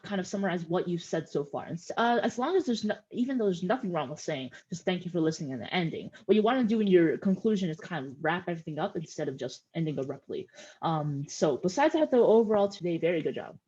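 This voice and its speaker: A woman judging a speech tournament, giving relaxed spoken feedback with many fillers over a video call. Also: medium pitch, fast talker, slightly rough, highs cut off.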